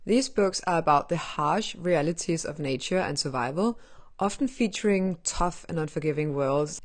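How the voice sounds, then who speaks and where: Low-voiced woman explaining playfully. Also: a little mellow. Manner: chatty and playful, with nerdy asides. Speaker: gaming channel host. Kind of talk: casual explanatory gameplay commentary.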